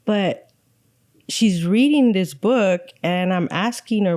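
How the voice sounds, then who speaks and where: A woman's voice: on the low side, slow, darkish tone, dry recording, studio quality. A woman in her forties, from El Monte, California, telling her own story as a podcast guest, frank and wry. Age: 40s. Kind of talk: candid personal story.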